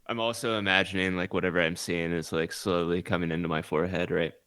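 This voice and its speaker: A man with a low voice plays in a tabletop game, thinking aloud haltingly as he works out his questions. The recording is dry and close, with nothing of the room. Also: fairly even intonation, a bit bright, smooth, no echo. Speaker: player. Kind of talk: tabletop role-play chat.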